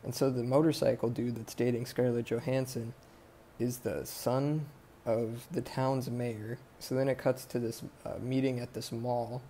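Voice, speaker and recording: This man, mid-range and mellow, speaks with a flat delivery at a measured pace over faint hiss or hum. Hosting a podcast, he gives a loose, sidetracked movie recap full of swearing and tangents.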